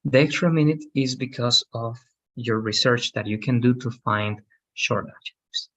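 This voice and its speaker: Husky-voiced man teaching English over a call. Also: medium pitch, normal speed, fairly bright tone, dull audio. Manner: patient, repeats rules, checks with "right?". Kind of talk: online English lesson.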